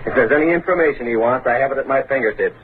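An actor playing a joking, breezy newspaper reporter in a 1940s radio drama, heard through a tinny old broadcast recording. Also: male voice, mid-range voice, rapid-fire, a little hiss or hum, natural voice. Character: wisecracking adult male newspaper reporter.

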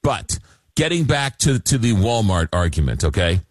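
Low-voiced male radio host. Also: big pitch swings, no echo. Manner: reads listener messages aloud, halting with fillers. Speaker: radio talk show host. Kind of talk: late-night call-in radio talk.

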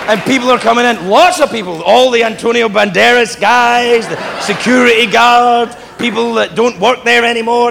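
A man telling a swearing, animated stand-up story on stage. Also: very high voice, moderate pace, creaky, few pauses, background noise. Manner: animated, swearing storyteller doing mock voices. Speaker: stand-up comedian. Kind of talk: stand-up set. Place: live comedy venue. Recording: echoey hall with loud crowd laughter.

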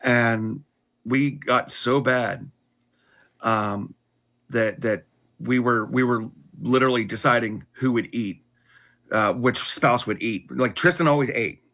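Casting: middle-aged man with a husky voice, candid and unpolished, sharing a hard personal story. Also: mid-range voice, slow, fairly bright tone. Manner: candid, with frequent restarts and wry laughs. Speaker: guest telling his conversion story.

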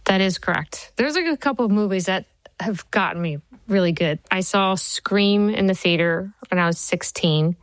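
A woman talking as an interview guest, an animated and chatty storyteller. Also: mid-range voice, normal speed, no room sound, low-quality recording. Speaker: TV show creator.

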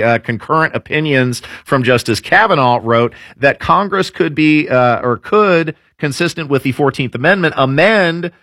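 A man's voice: mid-range voice, fairly bright tone, dry recording. Sarcastic male commentary host, dry sound. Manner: sarcastic, hesitant with frequent fillers. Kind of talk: opinionated news commentary.

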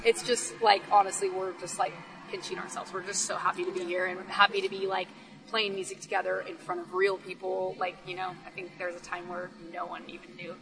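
A woman's voice: fairly low pitch, level tone, a little fast, low-quality recording. A woman in a band, chatting in a casual, upbeat interview at a music festival and saying "like" a lot. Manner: upbeat, filler-heavy, says "like" often. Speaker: band member, interview guest. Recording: music playing clearly in the background.

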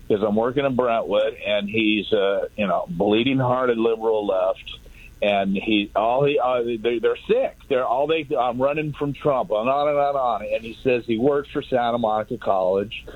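A man in his fifties from Southern California, calling in to a radio show and telling a long, halting story full of fillers and restarts. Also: lowish voice, husky, no room sound. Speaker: caller. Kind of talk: rambling call-in story. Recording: tinny phone line.

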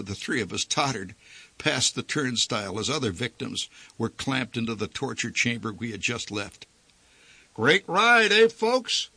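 Animated, bright-voiced male storyteller. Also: medium pitch, slightly rough, dry recording. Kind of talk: storytelling narration.

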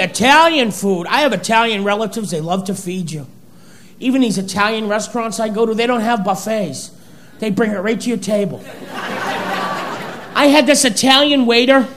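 A male comedian with a very high, lively voice telling a story on stage. His tone is bright and sharp. Faint noise sits underneath. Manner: animated, wry storytelling. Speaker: stand-up comedian. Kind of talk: stand-up comedy.

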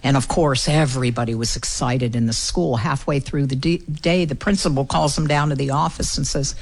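A woman's voice: very deep voice, fairly even intonation, moderate pace, creaky, hardly any pauses. A woman speaker from the United States, telling an earnest story on a public affairs talk program and acting out the quoted dialogue. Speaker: guest speaker.

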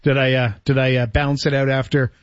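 A man's voice: medium pitch, level tone, quick pace, clean tone, no room sound. A man hosting a sports radio show in a playful, self-mocking chat, reading listener tweets aloud. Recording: dull lo-fi radio audio with faint music.

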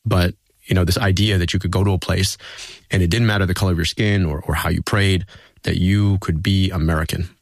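A man's voice: sits low, steady tone, a little fast, gravelly, no echo. A man, a political guest in an interview, telling personal stories in an earnest, reflective way. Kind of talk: conversational interview storytelling.

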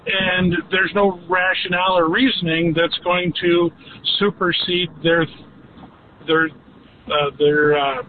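A man's voice: high-pitched, little pitch movement, slow pace. A man calling in to a radio show, hesitant and searching for his words. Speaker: caller. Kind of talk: phone-in call to a radio show. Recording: phone line with faint noise.

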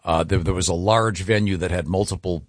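A man hosting a radio show, telling a story in a rambling, halting way with plenty of fillers. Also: sits low, fairly even intonation, dry recording, studio quality. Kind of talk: casual morning show banter.

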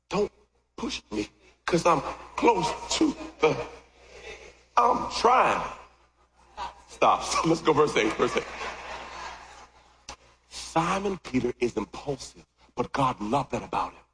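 A middle-aged man preaching a sermon, swinging from loud shouts to quiet asides. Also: takes it slowly, pauses often. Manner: animated, jumps from loud shouts to low asides. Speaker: pastor. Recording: echoey hall with long reverb.

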